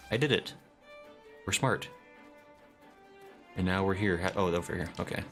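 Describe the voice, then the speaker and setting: A man with a deep voice chats casually while playing a game on stream, reading out chat messages as he goes. Faint game music runs behind him. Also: moderate pace, gravelly, pauses often, a bit bright. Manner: chatty, reads chat messages aloud. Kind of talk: casual live-stream commentary.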